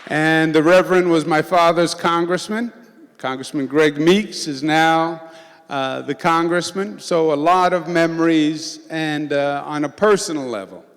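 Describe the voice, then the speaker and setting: A man's voice: a little high, a little slow, clean tone. A middle-aged man with a Queens New York accent, giving an informal, joking political speech to a church congregation. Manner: joking, conversational, with filler "uh"s. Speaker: governor speaking to a congregation. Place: large church sanctuary. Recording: long hall reverb, faint crowd.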